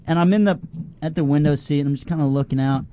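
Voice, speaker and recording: A man, a podcast co-host, telling an excitable story in casual chat, laughing and shouting out the punchlines. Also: on the high side, fast, dry recording. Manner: excitable, laughing storyteller who yells out acted quotes.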